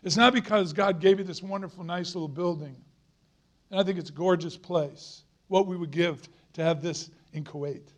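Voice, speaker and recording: A man's voice: high-pitched, moderate pace. A middle-aged man preaching a sermon as a guest preacher, earnest and emphatic, repeating phrases for stress.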